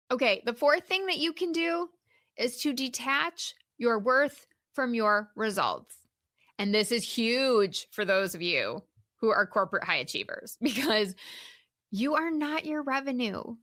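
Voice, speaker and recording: Woman podcast host and coach: bright, slightly high voice, emphatic encouragement, dry close mic. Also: no echo. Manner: encouraging, emphatic, slows down to stress points. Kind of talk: solo motivational podcast.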